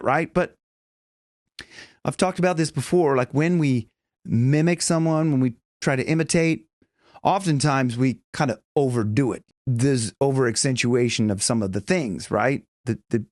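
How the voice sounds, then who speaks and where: A man's voice: medium pitch, no room sound, clean studio sound. A man working as a vocal coach, explaining singing technique in a loose way with many restarts and audible breaths. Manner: loose, demonstrating, breathy gasps between points; talks in halting restarts.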